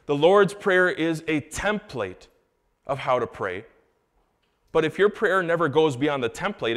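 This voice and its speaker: A man's voice: mid-range voice, fairly bright tone. Young man preaching with emphatic rises. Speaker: pastor. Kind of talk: sermon. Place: church sanctuary.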